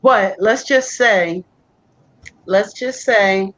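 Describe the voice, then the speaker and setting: A woman's voice: medium pitch, extremely slow, a bit bright, low-quality recording. A woman giving a chatty, reassuring psychic reading on a live stream, full of fillers like "you know". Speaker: psychic co-reader.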